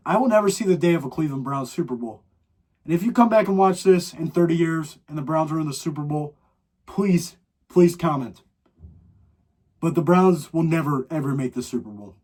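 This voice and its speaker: Teenage boy, solo podcast rant, dramatic and exasperated, slightly high voice. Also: darkish tone. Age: teens. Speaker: podcast host.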